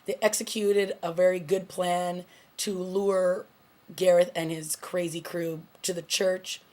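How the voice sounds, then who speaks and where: Woman TV reviewer, lowish voice, casual chatty recap delivery. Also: flat delivery, a little slow, darkish tone. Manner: chatty, recaps scenes with quoted lines and laughs. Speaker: TV review host.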